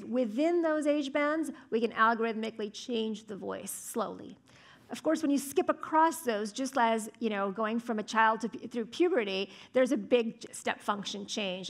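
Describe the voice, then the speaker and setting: In a lecture hall, a woman speech scientist delivers a talk and then answers questions from the audience, thoughtful and explanatory in manner. She frequently drops in "um" and "right?", and her voice is on the high side with a fairly bright tone.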